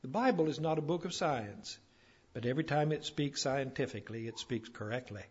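Husky folksy preacher man. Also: animated, fairly quick, a little mellow. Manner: folksy, rising to emphatic peaks then dropping low. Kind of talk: sermon. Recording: dull lo-fi recording.

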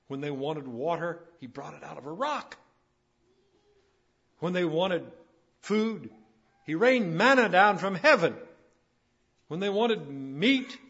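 A man's voice: a little high, fairly bright tone. A man preaching a sermon in a folksy, storytelling way that rises to emphatic declarations. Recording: dull lo-fi sermon recording.

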